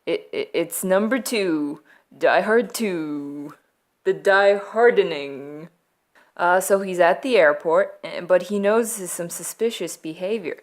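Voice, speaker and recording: A young adult woman vlogger retelling movie plots from memory in a playful, deadpan way, laughing often. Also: lowish voice, takes it slowly. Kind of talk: comedic movie recap from memory.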